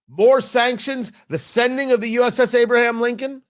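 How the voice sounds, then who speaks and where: A man's voice: very high-pitched, moderate pace, few pauses. A man hosting a talk show, giving an opinionated and emphatic political commentary monologue with a mocking edge at times.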